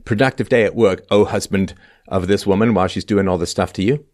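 A man's voice: on the low side, fairly quick, a little mellow. A man hosting a talk show, reading a text aloud and tearing into it in a sarcastic, lecturing way, often tossing in "right?". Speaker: podcast host.

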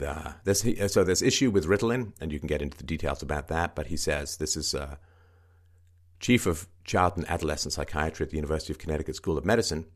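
A man with a very low voice talks through a news article, reading passages and stopping to comment. He is emphatic and keeps repeating his key points. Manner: emphatic, repetitive, swings into mocking higher-pitched quoting.

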